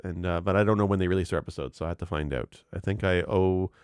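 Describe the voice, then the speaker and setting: A man on a casual gaming podcast, getting over a cold, talking in a low-key plain way. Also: steady tone, fast talker, a little mellow, clean tone, dry recording, studio quality.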